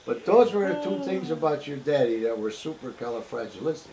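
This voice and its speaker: An older man spins family tales in loose, casual chat, swearing freely and talking with animated energy. His voice sits high for a man, and the sound bounces around an echoey room. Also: fairly quick, crowd noise. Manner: profane, animated storyteller. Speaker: uncle telling family stories.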